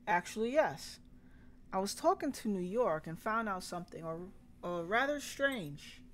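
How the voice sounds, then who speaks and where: A woman playing a calm, drawling male sheriff from a story game. He talks slowly and evenly, an easygoing small-town lawman. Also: mid-range voice, slight background noise, close to an everyday voice. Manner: slow drawl.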